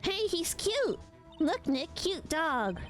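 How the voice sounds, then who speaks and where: A woman's voice: extremely high pitch, very animated, slow, soft background music, voice pushed up, exaggerated voice. A woman voicing a bubbly young girl sidekick while reading game dialogue aloud, in a gushing, indecisive way.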